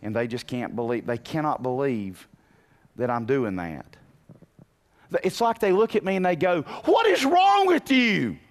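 A man preaching a sermon in an animated way, asking the congregation questions and rising to shouts. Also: medium pitch, normal speed, pauses often. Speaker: pastor.

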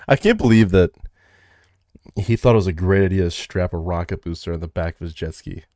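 Man, very low voice, dry close mic, crude joker, podcast co-host. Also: moderate pace, pauses often, mellow, no echo. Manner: crude, joking, laughs often. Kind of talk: casual podcast chat.

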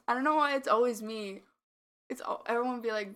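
Chatty 18 yr old girl on a podcast, kinda high voice, laughs a lot, says like constantly. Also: moderate pace. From United States. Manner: giggly, animated storytelling with frequent "like". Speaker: podcast co-host. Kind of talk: casual chat.

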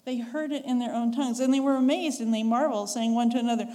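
A woman's voice: fairly high pitch, fairly quick, dark tone. A woman from the western United States with a Western American accent, preaching a sermon in a conversational way, chuckling and acting out quoted voices. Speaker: pastor. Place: church sanctuary. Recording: long church reverb.

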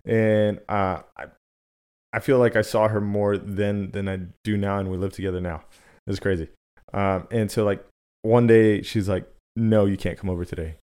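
A man's voice: on the low side, level tone, normal speed, a little mellow, clear, resonant tone. A young man co-hosting a podcast, laid-back and laughing often, swearing as he tells a story. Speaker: podcast co-host. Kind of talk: casual podcast chat.

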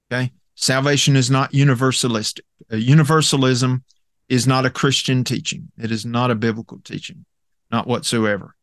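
A man teaching through a Bible passage in an earnest, emphatic way, often pausing with "uh" and checking in with "okay?". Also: medium pitch, no echo, studio quality.

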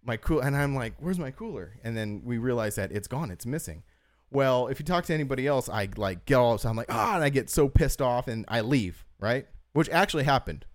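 A man in casual podcast chat, winding through stories with plenty of "like" and restarts. His pitch sits in an ordinary middle range. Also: lively intonation, a little fast. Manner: rambling storyteller, heavy use of "like". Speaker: podcast co-host.

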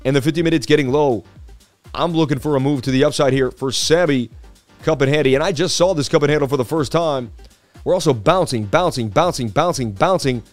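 A man's voice: a little high, fast, faint music behind. Chatty man hosting a crypto stream. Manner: chatty, sports-presenter delivery. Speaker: crypto live-stream host. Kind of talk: casual live-stream market analysis. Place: traveling.

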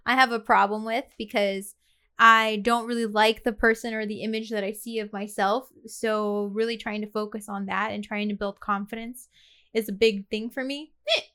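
A woman's voice: medium pitch, level tone, moderate pace, sharp tone, smooth. A woman co-hosting a casual podcast, talking candidly and laughing easily, with the hiccups. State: has the hiccups. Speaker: podcast co-host.

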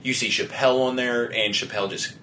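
Blunt, profane man with a bright voice. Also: mid-range voice, fairly even intonation, quick pace, a little hiss or hum. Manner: profane, blunt, laughs often. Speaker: podcast co-host. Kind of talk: casual podcast chat.

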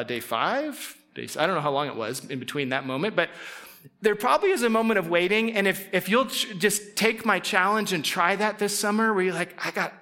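Male preacher, higher than average, bright tone, chatty sermon delivery with playful asides. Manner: conversational, jokes with the audience, acts out inner voices. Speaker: pastor.

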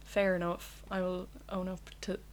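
A woman's voice: fairly low pitch, little pitch movement, a little slow, slight background noise. A young woman with an Irish accent, hosting a solo podcast from her bedroom in a candid, rambling way, swearing freely. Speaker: podcast host. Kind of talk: casual solo podcast chat.

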